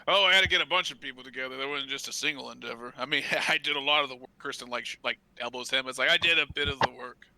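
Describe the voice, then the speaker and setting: A man's voice: medium pitch, rapid-fire, hardly any pauses, bright, forceful tone, dry recording, rough recording. A man narrating and voicing characters as game master of a tabletop game, rambling with lots of filler words.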